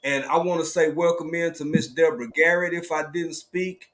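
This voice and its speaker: A man's voice: fairly high pitch, fairly even intonation, moderate pace, fairly bright tone. A man hosting a live stream, easygoing, laughing often and welcoming viewers. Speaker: stream host. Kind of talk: casual chat. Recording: crowd noise behind.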